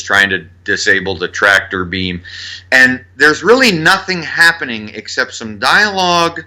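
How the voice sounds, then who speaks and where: A man co-hosting a film podcast in casual chat. He is animated, laughs often and is quick to agree. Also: mid-range voice. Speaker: podcast co-host.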